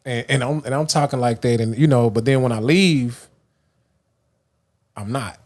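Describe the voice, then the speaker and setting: A man from Dallas, Texas hosts a livestream with a rambling motivational talk, his mid-range voice dark-tinged and at a normal pace. He often restarts and leans on fillers.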